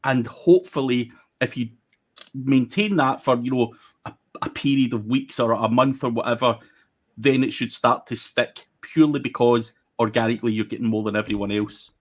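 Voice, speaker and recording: Guy on a live panel, mid pitch, blunt and chatty, lots of "you know". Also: fairly even intonation. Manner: blunt, talks from own experience, quick asides. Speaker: guest speaker. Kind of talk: casual livestream panel advice.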